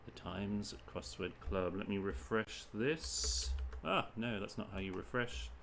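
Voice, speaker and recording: A man from the UK reads crossword clues aloud at an unhurried pace and mutters guesses in short bursts. His voice sits on the low side. Faint keyboard typing and room noise sit behind him at a home desk. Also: animated, gravelly. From United Kingdom. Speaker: streamer solving crosswords. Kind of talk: thinking aloud while solving.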